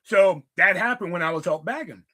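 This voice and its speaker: A young man hosting a livestream, telling casual stories in an animated, profane way and acting out quotes. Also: high voice, brisk. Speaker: livestream host. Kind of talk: casual storytelling chat.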